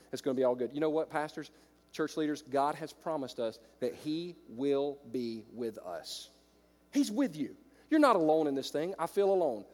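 A man preaching a sermon to church leaders, swinging from hushed asides to loud, ringing declarations. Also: a little high. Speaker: pastor. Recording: long hall reverb.

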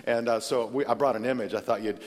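A man preaching a sermon in a large church, telling stories in a conversational way and swinging from loud to hushed. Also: medium pitch, fairly even intonation, quick pace. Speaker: pastor. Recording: long reverb of a large hall.

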